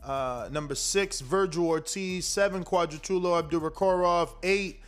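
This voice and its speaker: A man's voice: sits high, moderate pace, few pauses, fairly bright tone, clear, resonant tone, soft background music. A man hosting a boxing talk show, chatting casually and reading out rankings with stumbles and restarts. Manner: rambling, reads rankings aloud with stumbles. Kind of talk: casual chat.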